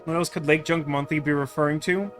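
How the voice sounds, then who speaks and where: A man's voice: fairly high pitch, fairly even intonation, fast, fairly bright tone, faint music behind. A man streaming a game, chatting with viewers in a rambling, self-deprecating way. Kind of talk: casual game commentary.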